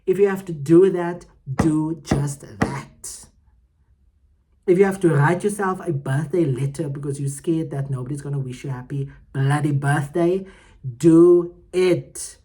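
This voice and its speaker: A woman hosting her own podcast, giving heartfelt, emphatic motivational talk that swings between loud and soft. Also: deep voice, unhurried. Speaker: podcast host.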